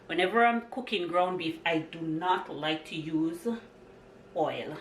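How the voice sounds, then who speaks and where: A woman's voice: fairly low pitch, animated, a little slow, a little hiss or hum. A woman vlogging from her home kitchen, chatting cheerfully to her viewers as she walks through a cooking demonstration. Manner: chatty and upbeat, talks to viewers while cooking. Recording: echoey kitchen with clattering pots and dishes.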